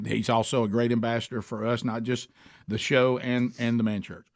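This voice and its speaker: Loud gregarious Alabama radio host. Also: male voice, medium pitch, level tone, moderate pace. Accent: Southern US, Alabama. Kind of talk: animated storytelling on a radio show.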